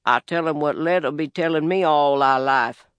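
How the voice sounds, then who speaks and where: A man with a Southern US accent narrating a first-person audiobook story in an unhurried, plainspoken, wry manner on a close studio mic. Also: fairly high pitch, fairly bright tone, clean tone, dry recording.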